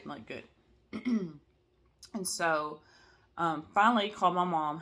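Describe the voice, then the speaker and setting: A woman's voice: lowish voice, slow pace, pauses often, fairly bright tone. A tired woman chatting casually to camera at home, rambling with lots of fillers and asides. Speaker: cross-stitch vlogger.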